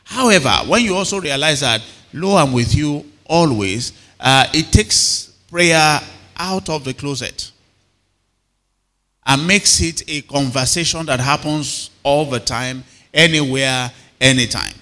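A man's voice: a little high, unhurried, sharp tone. A man with a Nigerian accent preaching a sermon, often questioning and calling back to his congregation. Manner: call-and-response questions to the congregation. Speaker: pastor. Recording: long hall reverb.

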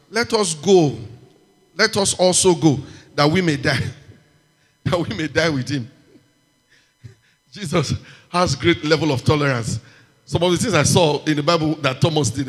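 A man preaching with a high, ringing voice in a large church hall, where a long reverb trails every phrase. He reads scripture aloud, then swings up loudly to call out amens and hallelujahs. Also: breathy edge. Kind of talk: sermon.

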